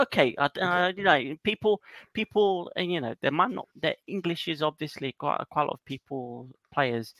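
Guy co-hosting a podcast, rambly and animated, lots of ums, crisp bright tone, dead dry mic. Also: a little high, normal speed, no room sound. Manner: rambling, animated retelling with frequent fillers. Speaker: podcast co-host. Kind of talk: casual chat.

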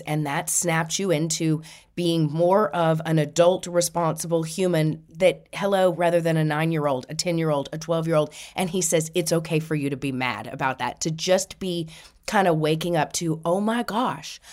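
A psychic medium with a deep, darkish voice hosts a spiritual reading. She relays messages as quotes and laughs often throughout.

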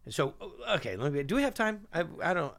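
Lively man telling animated stories. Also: a little high, brisk. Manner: lively, acts out other people's lines. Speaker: guest chef and TV host. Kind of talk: animated storytelling.

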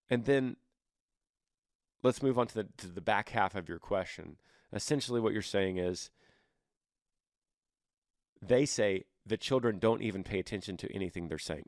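A man hosting a podcast, giving earnest, gently persuasive advice on listener questions in a casual way. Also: lowish voice, dry recording, studio quality.

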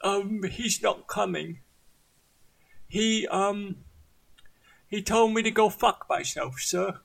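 A man's voice: high voice, slow pace, creaky, heavily acted. A man voicing a timid, deferential male manservant who hesitates and keeps saying sir. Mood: sheepish. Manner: meek, hesitant, says sir constantly.

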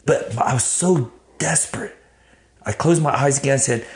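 A man telling his life story in an interview, blunt and animated, swearing freely. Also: mid-range voice, moderate pace. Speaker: interview guest. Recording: roomy echo.

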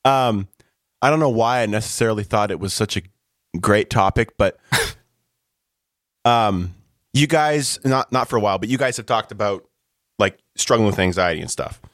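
A man's voice: on the low side, normal speed, pauses often, fairly bright tone, dry recording, studio quality. A young man hosting a podcast in casual chat, rambling with lots of filler words. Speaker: podcast host.

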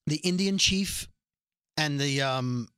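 A man casually recapping a TV episode, telling it in an animated way and acting out the characters' lines. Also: on the high side, slow, smooth, no room sound, studio quality. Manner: animated storytelling, acts out quotes.

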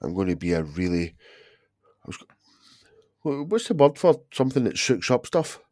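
A man in his thirties, bantering on a podcast with plenty of swearing and laughs. His voice is mid-pitched and recorded dry and close, with no room echo. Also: sing-song, normal speed, dark tone. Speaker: podcast co-host. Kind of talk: casual chat.

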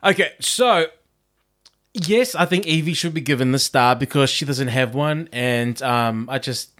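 A man co-hosting a casual podcast chat, animated and laughing often. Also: medium pitch, a little slow. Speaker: podcast co-host.

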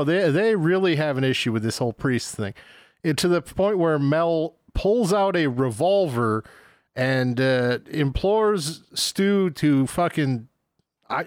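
A man's voice: fairly high pitch, no echo, studio quality. Rambling, exasperated man reviewing a movie. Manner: rambling, exasperated, swears freely. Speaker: podcast co-host. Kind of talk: casual movie review chat.

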